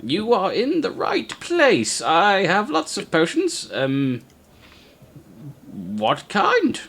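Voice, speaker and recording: A timid little halfling woman who runs a potion shop, as a man voices her in a squeaky high register that jumps around a lot. She stammers and fusses over every word, hesitant and flustered. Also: wildly swooping pitch, extremely slow, gravelly, a bit bright, a little hiss or hum, heavily acted. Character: timid small female halfling potion seller.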